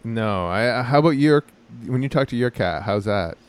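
A man's voice: medium pitch, animated, normal speed, smooth. A man co-hosting a podcast, chatting casually in a rambling, hesitant way full of restarts and fillers. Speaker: podcast co-host. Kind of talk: casual chat.

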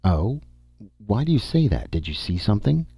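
A man voicing a composed, wry woman explorer in a storybook reading, with a husky voice and a calm, measured manner. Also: lowish voice, dry recording, studio quality, faint music behind, voice pushed up, full character voice.

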